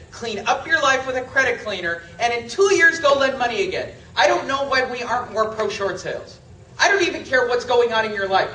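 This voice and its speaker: A high, bright-voiced man delivers an emphatic seminar lecture, firing off rhetorical questions. He is picked up from across a large echoey room. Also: distant mic, slight background noise. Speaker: real estate trainer.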